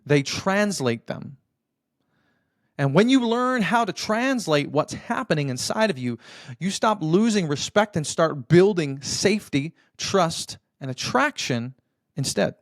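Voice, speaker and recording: Here a podcast host talks a little slowly in a high voice with lively intonation, offering motivational marriage advice in an earnest coaching manner. He often checks in with the listener, calling him brother, over a dry, clean studio recording.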